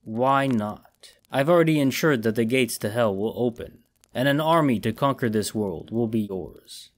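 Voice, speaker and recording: A man's voice: medium pitch, lively intonation, normal speed, natural voice. Man doing a smug, cruel cult leader. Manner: cool, mocking, sneering.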